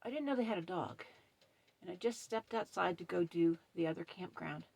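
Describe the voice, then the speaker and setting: Upset woman camp host, gravelly husky voice. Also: fairly low pitch, normal speed, a little mellow, no room sound. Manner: upset, emphatic, retells quarrel with stern quoted lines. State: shaky and upset. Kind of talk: casual vlog rant. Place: dark trailer at night with ring light.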